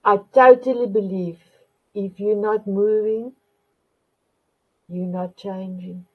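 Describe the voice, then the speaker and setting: Over dull lo-fi audio, a woman talk show host offers motivation, speaking slowly in a steady, mid-range voice. She addresses her audience with warmth and affection, again and again calling them "my beautiful ones."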